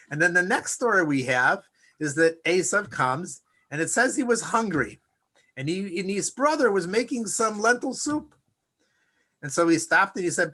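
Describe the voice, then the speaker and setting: A man's voice: fairly high pitch, expressive, moderate pace, pushed and bright. A man giving an informal Torah class, talking conversationally and acting out the figures he quotes. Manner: conversational, acts out quoted characters; frequent fillers and restarts. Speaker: Torah teacher.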